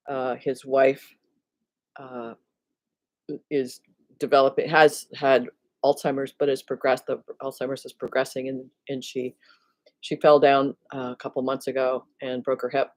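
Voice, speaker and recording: A woman's voice: extremely low pitch, little pitch movement, measured pace, a little mellow, no echo. Reflective woman, self-mocking spiritual vlogger. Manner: laughs at herself, thinks aloud with restarts. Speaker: spiritual teacher and video host. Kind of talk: casual reflective talk to viewers.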